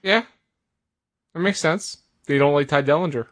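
Eager man with a slightly high voice. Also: normal speed. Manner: eager, defensive fan. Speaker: podcast co-host. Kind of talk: casual wrestling chat.

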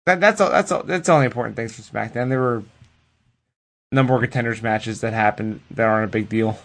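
A man co-hosting a casual podcast, retelling wrestling in a loose, profane, animated way. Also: medium pitch, a little fast. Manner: animated, profane storytelling that acts out the people it quotes. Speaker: podcast co-host recapping wrestling. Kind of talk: casual chat.

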